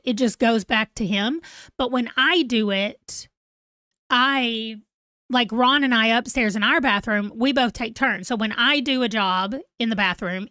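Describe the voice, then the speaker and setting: Woman in her 40s rambling on a livestream, slightly high voice, dry close sound. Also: fairly bright tone, dry recording. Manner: rambling, chatty, self-deprecating. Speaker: book vlogger. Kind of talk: casual live-stream chat.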